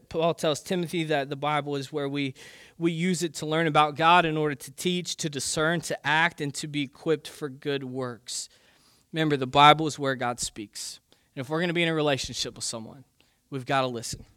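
A man's voice: a little high, a bit bright, no room sound, studio quality. A man preaching a conversational sermon in a casual, chatty way, often saying "man" and "like".

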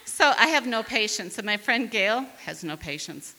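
Lively woman telling a story in a big hall. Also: medium pitch, moderate pace, few pauses, slight background noise. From northern Wisconsin. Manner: lively, acts out quoted voices. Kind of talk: storytelling to a live audience.

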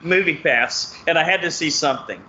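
Bright-voiced man, muffled with faint hiss. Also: fairly high pitch, a little fast. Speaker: podcast host. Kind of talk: casual chat. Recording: muffled lo-fi audio with faint room noise.

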